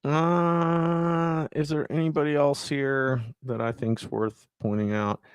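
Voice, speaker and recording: Smooth-voiced stammering podcast co-host man. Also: a little high, fairly even intonation, takes it slowly, no echo, lo-fi sound. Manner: hesitant, stammering restarts. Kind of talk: casual chat.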